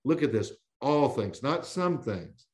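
A man teaching the Bible as a podcast guest, with an emphatic preaching cadence, slowing on key words and often restarting phrases. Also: mid-range voice, sing-song, darkish tone.

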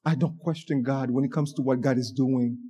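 A man's voice: medium pitch, fairly even intonation, fairly quick, mellow, slightly rough. A man preaching a sermon, emphatic, often restarting his words mid-phrase. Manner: emphatic, with repeated restarts and stammers. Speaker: pastor.

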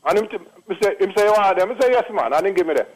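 A man's voice: high-pitched, expressive, racing, low-quality recording. A man in his late sixties with a Jamaican accent, calling into a radio show and telling a long testimonial in an emphatic, repetitive patois manner. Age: 60s. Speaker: caller. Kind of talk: phone-in testimonial.

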